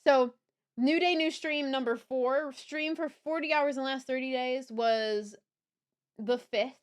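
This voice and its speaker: Chatty young woman streamer, smooth voice. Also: high voice, unhurried. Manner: chatty, rambling, swears and laughs often. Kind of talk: casual livestream chat.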